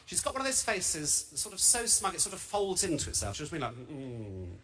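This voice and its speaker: A man's voice: sits high, big pitch swings, quick pace, sharp tone. A young man with a Birmingham accent doing a stand-up routine, camp, chatty and self-mocking. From England. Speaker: stand-up comedian. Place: large theatre stage. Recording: live stage mic with heavy noise.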